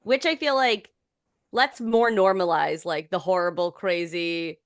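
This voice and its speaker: A woman's voice: on the low side, a little slow, no echo, studio quality. A young woman co-hosting a podcast, talking in a casual, rambling way with lots of fillers and restarts. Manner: chatty, filler-heavy, many restarts, animated when amused. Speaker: podcast co-host. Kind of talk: casual chat.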